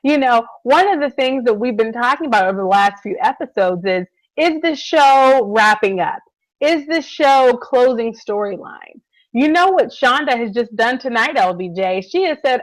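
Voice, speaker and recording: A woman with a high voice chats eagerly as co-host of a TV recap show, turning often to her partner to share her thoughts. The sound is dry and close, with no room around her. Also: lively intonation, moderate pace, no echo, low-quality recording. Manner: enthusiastic, keeps addressing her co-host. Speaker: podcast co-host. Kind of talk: casual TV recap chat.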